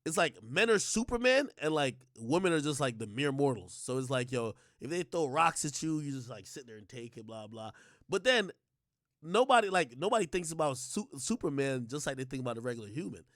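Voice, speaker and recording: A young man ranting on a stream, profane and animated, stumbling over fillers as he argues. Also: medium pitch, brisk, dry recording, studio quality. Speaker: streamer and commentator.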